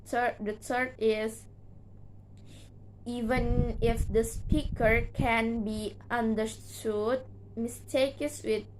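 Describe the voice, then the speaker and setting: A woman's voice: on the high side, slight background noise, poor audio. A young woman, a native Indonesian speaker, reads a class presentation with many fillers and restarts. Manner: slow, halting delivery with frequent "uh" fillers and restarts. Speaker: student presenter.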